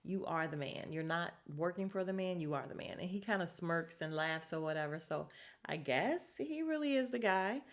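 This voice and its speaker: A woman hosts a casual podcast, chatting through a recap of a TV episode and retelling scenes in quoted voices. Her voice is on the low side, with lively intonation and a moderate pace.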